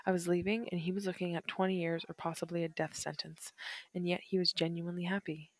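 A woman narrating a first-person memoir in a measured, reflective reading style. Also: on the low side, little pitch movement.

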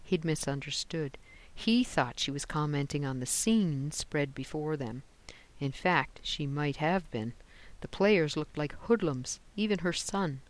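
An audiobook narrator giving steady scripted narration on a close mic. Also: mid-range voice, a little slow. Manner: steady storytelling, lifts for quoted lines.

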